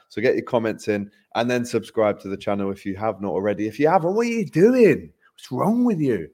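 A young man co-hosting a podcast, chatting casually and upbeat about football with quick, bantering asides. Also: lowish voice, a little mellow. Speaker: podcast co-host.

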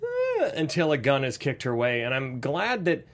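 A man in his thirties chatting casually about a film as a podcast co-host. His pitch swings widely as he jumps into silly voices for the characters, then drops back to his own easy tone. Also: moderate pace. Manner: animated, acts out quotes in silly voices. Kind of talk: casual movie review chat.

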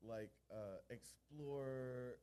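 A man's voice: medium pitch, drawn-out words, clear, resonant tone. A man co-hosting a podcast, defensive and profane in casual chat. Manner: animated, swears a lot, defensive. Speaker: podcast co-host.

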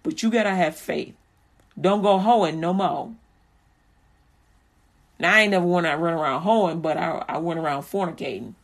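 A woman preaching informally and quoting scripture in an animated, plain-spoken, laughing manner. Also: lowish voice, normal speed, pauses often.

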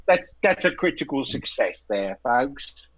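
A man's voice: mid-range voice, sing-song, a little slow. A man playing in a tabletop horror game, describing his actions hesitantly with many fillers. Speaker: player. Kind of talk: casual tabletop play. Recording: slightly dull lo-fi sound.

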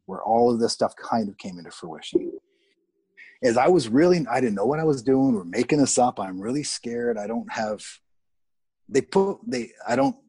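A middle-aged man from Canada, an actor, telling candid, animated stories about film sets in a casual interview and swearing freely. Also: medium pitch, normal speed, slightly rough, dry recording. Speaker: actor guest.

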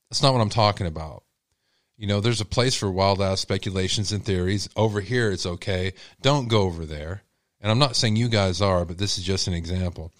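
Man, Texan accent, true-crime channel host, lowish voice, dry close sound, blunt and rambling. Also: normal speed, no echo. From Texas. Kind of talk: casual commentary to viewers.

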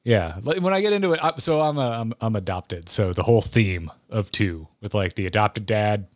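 A man's voice: lowish voice, expressive, normal speed, no echo, clean studio sound. A man co-hosting a podcast, chatting casually and eagerly about films, rambling with many restarts. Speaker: podcast co-host. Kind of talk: casual movie chat.

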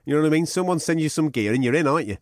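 A man's voice: a little high, lively intonation, very fast, dry recording, clean studio sound. A man hosting a boxing podcast, cheeky and teasing, swearing freely in casual banter. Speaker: podcast host.

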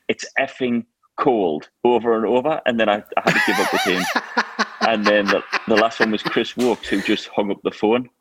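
Low-voiced man telling lively anecdotes. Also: noisy background. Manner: lively anecdotal storyteller, laughs often. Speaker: co-host. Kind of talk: casual chat.

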